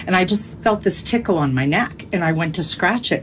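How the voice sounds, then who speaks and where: A woman's voice: on the low side, animated, a little fast, few pauses, slight background noise. A middle-aged woman telling a vivid, emotional personal story in an interview.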